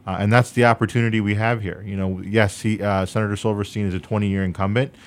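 This young state senate candidate has a lowish voice with little pitch movement. He responds to interview questions in an earnest, measured way, leaning on frequent fillers.

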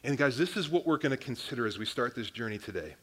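Young pastor guy preaching, chatty and loose, lots of restarts, average pitch. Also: lively intonation, quick pace, fairly bright tone, slightly rough. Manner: casual and conversational, with frequent restarts and "guys". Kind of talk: sermon.

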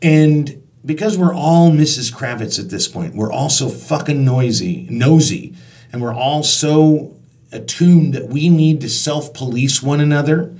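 Heard from a distance, a man with a somewhat high, darkish voice recounts a personal story from his time as concert venue staff. He speaks at a measured pace but animatedly, often restarting sentences and acting out the dialogue.

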